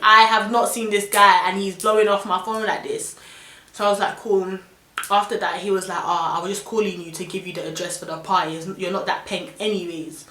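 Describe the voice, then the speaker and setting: Animated young London woman, bright tone. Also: medium pitch, brisk, reverberant. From London, England. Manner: animated, indignant storytelling with London slang. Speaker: vlogger. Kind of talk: storytime vlog.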